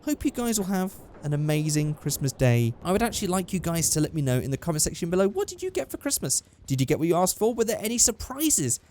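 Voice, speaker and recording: A young man talks through a video game in a chatty, upbeat way, reacting as he goes. His voice sits fairly high for a man. He sounds casual and unscripted. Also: big pitch swings, quick pace, hardly any pauses, darkish tone, slight background noise. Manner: chatty and upbeat, thinking aloud. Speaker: gaming YouTuber. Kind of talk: casual gameplay commentary.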